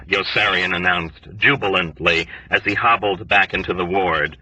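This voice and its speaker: A man narrating an audiobook in an expressive, lively storytelling manner. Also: low-pitched, normal speed, few pauses, breathy edge, dry recording, far from the mic. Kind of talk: scripted narration. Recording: dry, dull lo-fi recording.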